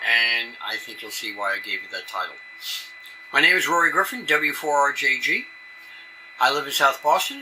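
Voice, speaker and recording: Middle-aged new york guy presenting at a conference, very bright voice, chatty asides, bit of hum behind. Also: mid-range voice, low-quality recording. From New York City area. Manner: conversational, folksy asides. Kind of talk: presentation talk.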